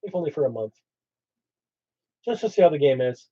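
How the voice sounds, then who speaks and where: A man's voice: on the high side, very animated, a little fast, dark tone. A man hosting a casual hobby channel chat, thinking aloud as he explains his plans. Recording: slightly dull lo-fi audio.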